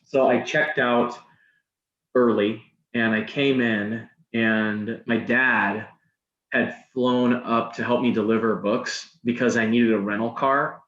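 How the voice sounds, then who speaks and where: A man's voice: medium pitch, steady tone, slow pace, fairly bright tone. A man guest on a podcast, telling a story casually, rambling, with many restarts and "like"s. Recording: roomy, dull sound.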